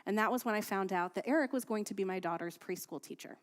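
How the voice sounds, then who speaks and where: A woman rabbi with a mid-range voice speaks in a synagogue sanctuary, and a long hall reverb trails behind every phrase. She reads prayers steadily and tells stories in a chatty, lively way. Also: mid-range voice. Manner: steady, measured prayer reading, then chatty, lively storytelling with fillers. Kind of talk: leading prayers and giving a sermon.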